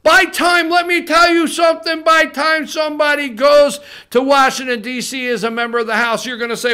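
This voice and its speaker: A man in full rant, hurling his points straight at the camera. His voice sits strikingly high and rings bright and forceful, and he swears and hammers the same lines again and again. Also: level tone, moderate pace, few pauses. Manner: heated, swearing, repetitive, addresses viewers directly. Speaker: political talk show host. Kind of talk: fired-up political rant to camera. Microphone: studio camera.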